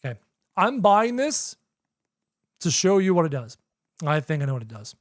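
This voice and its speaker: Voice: mid-range voice, sing-song, normal speed, no echo, studio quality. A young adult game streamer doing live gameplay commentary, chatty, talking to chat and repeating phrases while figuring things out.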